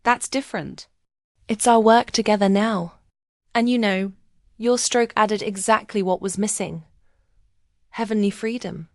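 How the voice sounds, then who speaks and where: A woman's voice: mid-range voice, unhurried, pauses often, no echo, clean studio sound, natural voice. A woman reading as a free-spirited painter in her fifties. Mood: enthusiastic. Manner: warm, direct, encouraging.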